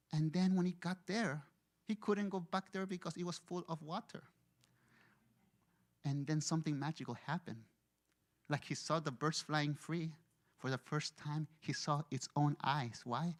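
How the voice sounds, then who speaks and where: A man from Mexico, giving a storytelling sermon as a guest speaker. He moves between hushed and excited delivery. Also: fairly high pitch, moderate pace.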